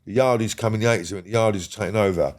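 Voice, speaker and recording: Interview guest: man, lowish voice, blunt and rambling storyteller who swears freely. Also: rapid-fire. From Britain. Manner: blunt, rambling, heavy swearing, checks in with the listener. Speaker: guest recounting a criminal past. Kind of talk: casual storytelling conversation.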